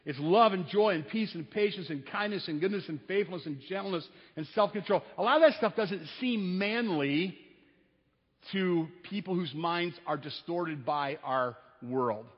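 A man with a high, husky voice preaches in a church, telling folksy stories and laughing at his own asides. His words ring out in a long hall reverb, and the recording sounds dull and lo-fi. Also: normal speed. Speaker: pastor. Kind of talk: sermon. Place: church sanctuary.

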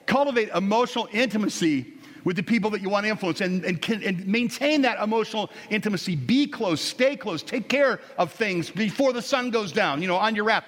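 A man's voice: high-pitched, a bit bright, in a large hall. A middle-aged man preaching a sermon as pastor, talking in a casual, folksy way with stories and frequent restarts. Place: church sanctuary.

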